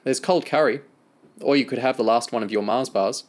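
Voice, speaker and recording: A man's voice: medium pitch, brisk, pitched above the performer's own voice, lightly acted. A man reading aloud and voicing a blunt, worried middle-aged mother. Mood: cross.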